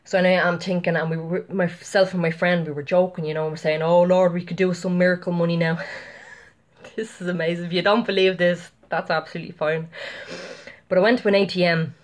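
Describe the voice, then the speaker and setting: A woman's voice: on the low side, steady tone, a little fast. A middle-aged woman telling a faith testimony in a chatty, rambling way, full of fillers and asides to her viewers. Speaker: Christian vlogger. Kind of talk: casual testimony monologue.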